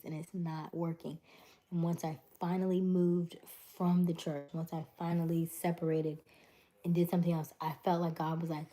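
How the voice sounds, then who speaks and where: Mellow, low-voiced woman livestreaming. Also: moderate pace. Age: middle-aged. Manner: animated storyteller, acts out dialogues, reads chat aloud. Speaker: livestream host. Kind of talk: casual livestream chat.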